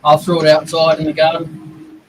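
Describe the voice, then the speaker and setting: A man's voice: on the high side, completely flat delivery, moderate pace, a little hiss or hum, poor audio. A man who streams his woodturning from a home workshop, joking casually while he works. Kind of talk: casual live-stream chat.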